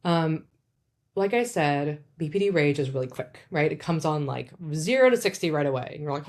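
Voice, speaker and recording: Low-voiced woman, chatty psychologist host, informal and animated. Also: normal speed. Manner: chatty, lots of "like" and "right?", animated demonstrations. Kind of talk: casual educational talk.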